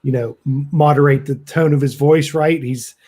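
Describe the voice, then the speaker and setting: A man's voice: a little high, fairly even intonation, moderate pace, a little mellow. A man playing a tabletop horror game, describing his character's actions in a hesitant way, with lots of ums and you-knows. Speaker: player.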